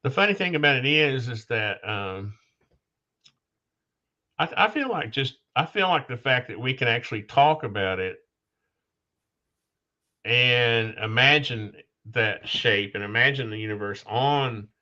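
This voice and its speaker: A man hosting a casual podcast conversation, talking haltingly with restarts, losing his train of thought and coughing now and then. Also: mid-range voice, animated, bright, forceful tone. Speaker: podcast host. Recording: dull lo-fi sound.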